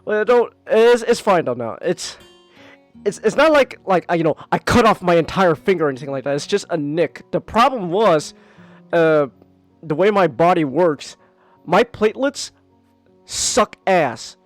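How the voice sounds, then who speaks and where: A man streaming live and chatting casually, animated and swearing often, breaking into high whoops. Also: normal speed, no room sound, faint music behind.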